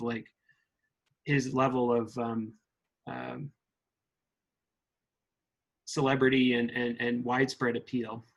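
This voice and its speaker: A man giving an informal talk at a meditation center, halting and thinking aloud with frequent restarts. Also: mid-range voice, a bit bright, poor audio.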